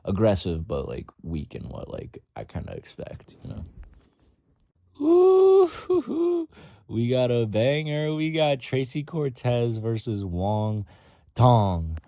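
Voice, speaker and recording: A man's voice: fairly low pitch, big pitch swings, measured pace, warm tone, dry recording. A young man giving casual, rambling, profane fight predictions in a vlog. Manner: rambling, profane, lots of fillers.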